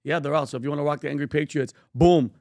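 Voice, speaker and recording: A man co-hosting a podcast in casual banter, quick and teasing. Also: on the high side, steady tone, darkish tone, no echo, studio quality. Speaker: podcast co-host.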